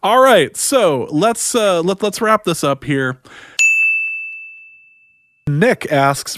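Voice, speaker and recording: A man's voice: high-pitched, expressive, drawn-out words, pauses often, a bit bright, a little hiss or hum. A man co-hosting a podcast, chatting casually and joking, laughing often and slipping into goofy put-on voices. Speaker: podcast co-host. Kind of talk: casual comedic chat.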